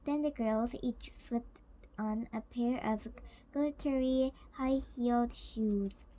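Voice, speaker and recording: A woman reading a children's picture book aloud in a slow, careful, gentle way. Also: a little high, slight background noise, poor audio. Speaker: storyteller.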